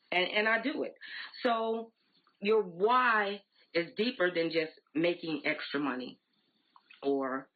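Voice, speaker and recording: Brief: emphatic, conversational woman, 40s, on a tinny live stream, a bit husky. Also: on the low side, expressive, takes it slowly. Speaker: direct sales team leader. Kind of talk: motivational live-stream talk. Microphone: phone or laptop live stream. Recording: tinny phone-like audio.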